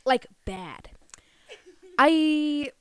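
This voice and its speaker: A woman co-hosting a podcast, telling a childhood story in casual chat with an animated, giggly manner. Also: sits high, very slow, no echo. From Pennsylvania. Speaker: podcast co-host.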